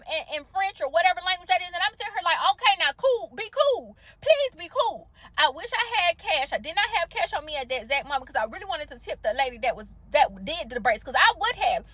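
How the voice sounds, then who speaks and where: A woman in a casual storytime vlog, talking quickly in a high, bright voice. Her delivery is animated and slangy, full of exasperation. The sound is dry and close. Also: no room sound. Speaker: salon customer telling a story.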